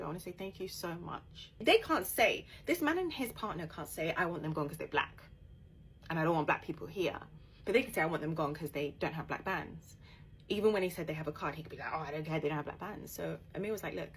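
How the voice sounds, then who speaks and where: A young woman telling a story in a casual, animated way, dropping her voice to quote others. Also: sits low, a little hiss or hum, low-quality recording. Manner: animated, laughing bursts, quoting others in a hushed voice.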